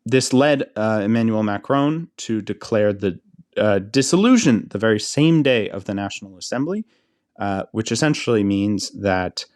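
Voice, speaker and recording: An American man co-hosting a podcast, explaining politics in a measured, hesitant way with many fillers. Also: on the low side, expressive, darkish tone, dry recording, clean studio sound. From United States. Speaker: podcast co-host.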